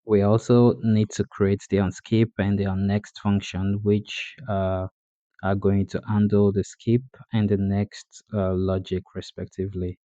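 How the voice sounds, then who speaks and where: Deep, dark-voiced man explaining code. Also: unhurried, dry recording, muffled recording. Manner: plain, steady explaining with frequent "uh" fillers. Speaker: coding tutorial narrator. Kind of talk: screen-recorded coding tutorial voice-over.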